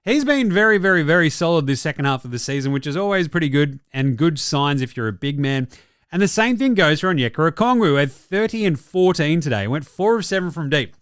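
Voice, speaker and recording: A man's voice: a little high, animated, fairly quick, clean tone, no room sound, studio quality. A young Australian man hosting a basketball show, with brash, profane, jokey casual commentary.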